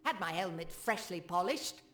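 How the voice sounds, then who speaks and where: An actress playing a middle-aged village weaponsmith in a fantasy game, speaking with a British accent in a stern, matter-of-fact way. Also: female voice, fairly low pitch, lively intonation, normal speed, fairly bright tone. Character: weaponsmith village woman, former would-be soldier. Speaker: game character. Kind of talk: game dialogue.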